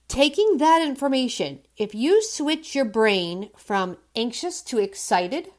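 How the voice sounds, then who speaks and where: A woman coach with a fairly high voice talks listeners through a self-help exercise. She is upbeat and emphatic, and she slips into quoted lines to act out their anxious thoughts. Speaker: addictions coach. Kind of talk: motivational self-help talk.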